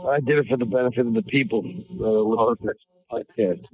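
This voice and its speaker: A man's voice: medium pitch, normal speed, soft background music. A man appearing as a podcast guest, ranting in a mock-angry, profane way through crude comedic banter. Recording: tinny phone-like audio.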